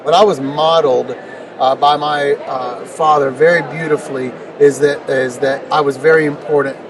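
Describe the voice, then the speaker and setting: A man's voice: fairly high pitch, steady tone, normal speed. A middle-aged man, an interview guest, telling personal stories in an emphatic way, repeating words and building rhetorical questions. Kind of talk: conversational storytelling interview. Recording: distant mic with noticeable noise.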